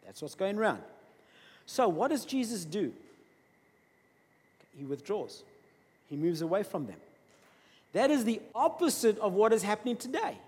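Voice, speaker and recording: A man preaching a sermon, emphatic, swinging between loud bursts and quiet asides. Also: high-pitched, big pitch swings, moderate pace, long pauses, breathy edge. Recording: long reverb of a large hall.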